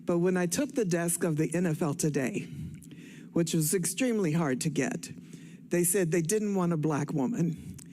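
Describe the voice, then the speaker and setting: An older woman from Cleveland, Ohio, out of breath and excited, telling her life story in a rambling, self-correcting way on stage. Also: lowish voice, normal speed. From Cleveland, Ohio, USA. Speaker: guest speaker on stage. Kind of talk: personal storytelling speech.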